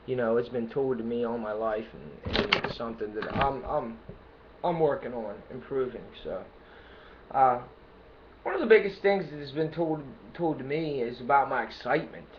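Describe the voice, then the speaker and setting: A man giving an unscripted motivational talk to camera, hesitant and full of fillers and restarts, with bursts of excitement. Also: mid-range voice, lo-fi sound, slight background noise. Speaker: self-help vlogger.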